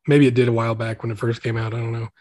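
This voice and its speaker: A man's voice: mid-range voice, level tone, rapid-fire, a little mellow. Rambling man in casual chat. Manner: rambling, many "like" fillers. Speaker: podcast host.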